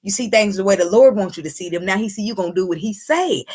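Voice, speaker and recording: A woman giving a casual tarot reading, excitable and quick to laugh, swearing freely as she talks. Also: mid-range voice, breathy edge. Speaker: tarot reader.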